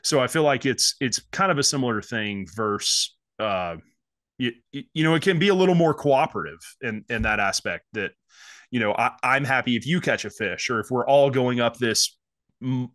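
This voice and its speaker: A man's voice: mid-range voice, lively intonation, moderate pace, a bit bright, no room sound. Rambling man with a dry sound. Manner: rambling, many restarts and fillers. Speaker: podcast guest, fly-fishing business owner. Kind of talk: casual podcast chat.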